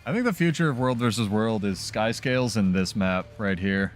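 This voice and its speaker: A man's voice: lowish voice, lively intonation, normal speed, soft background music. A man talking casually as a streamer during live gameplay, loose and chatty with many fillers.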